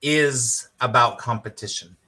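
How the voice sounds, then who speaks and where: A man's voice: medium pitch, measured pace, pushed and bright. A middle-aged man, a spiritual teacher, teaching on a live stream with enthusiasm, repeating his points and quizzing viewers by name.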